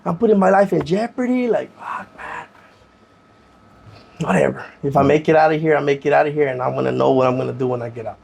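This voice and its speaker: Gravelly man telling a rough story. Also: a little high, fast talker. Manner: animated, acts out other people's lines, heavy slang. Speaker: podcast guest. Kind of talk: casual storytelling.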